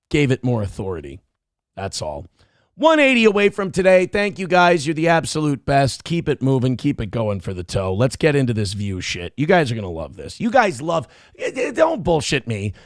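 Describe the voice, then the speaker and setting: A man hosts a casual morning talk show, rambling and irreverent with plenty of swearing. His fairly high voice swings widely as he talks. The sound is dry and close to the microphone. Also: no echo.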